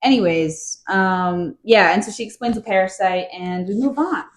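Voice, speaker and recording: A young woman co-hosting a casual book podcast, chatty and quick to laugh as she recaps chapters and acts out characters' lines. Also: medium pitch, a little hiss or hum. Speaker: podcast co-host.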